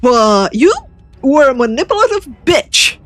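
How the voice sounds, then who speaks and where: A young woman streamer giving giggly, animated gameplay commentary and reading the game's choices aloud. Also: high voice, measured pace, no echo, faint music behind.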